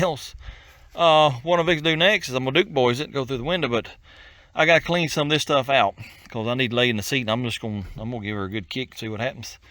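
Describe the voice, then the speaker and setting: A man's voice: medium pitch, sharp tone, a little hiss or hum. An older man with a drawl, chuckling and self-mocking, talking casually while working on an old truck, out of breath. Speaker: garage channel host. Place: outdoors by an old truck on a farm.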